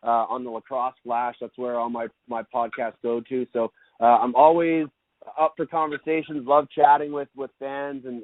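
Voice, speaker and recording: A man from Canada talks in a relaxed, easygoing way, often repeating a word as he gathers his thoughts. His voice comes through a thin, phone-like remote line. The sound is dry, with no room around it. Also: medium pitch, no room sound. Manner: easygoing, repeats words while thinking. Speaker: guest, lacrosse broadcaster. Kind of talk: casual interview chat.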